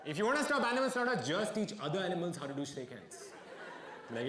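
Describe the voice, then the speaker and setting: A young man doing a stand-up comedy set on stage, with wry deadpan asides and bursts of mock outrage. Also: fairly high pitch, fast talker. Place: stage before a live audience. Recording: echoey live venue with crowd noise.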